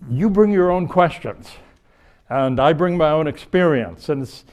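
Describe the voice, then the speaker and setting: A man's voice: medium pitch, a little mellow. An older man, a bishop giving a rambling conference talk full of personal stories and self-corrections. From United States. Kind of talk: storytelling lecture. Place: conference hall before an audience.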